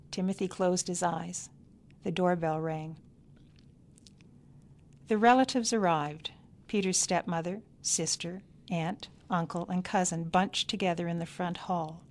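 Female memoir narrator, slightly low voice, deliberate pacing, dry understatement. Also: a little mellow. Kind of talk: reading her own memoir aloud.

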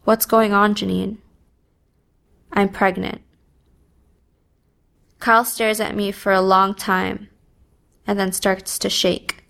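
A woman reading a first-person story aloud in a subdued, even manner. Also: medium pitch, vocal fry. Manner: slow, even, subdued delivery. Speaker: narrator.

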